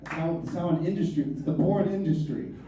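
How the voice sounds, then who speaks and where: A man's voice: fairly high pitch, brisk, noisy background. A stand-up comedian in his thirties telling wry, self-mocking stories on a comedy club stage. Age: 30s. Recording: echoey club, mic from far off.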